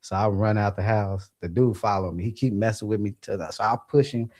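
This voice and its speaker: Animated laughing man telling a story. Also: lowish voice, a little fast. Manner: animated, laughing, acts out quotes. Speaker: podcast co-host. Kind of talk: casual storytelling.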